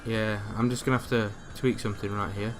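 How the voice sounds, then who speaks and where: A man's voice: on the low side, fairly even intonation, a little fast. Young man rambling over gameplay. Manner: rambling, self-mocking, restarts sentences. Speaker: let's play commentator. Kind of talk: casual gaming commentary. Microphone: headset on a voice call.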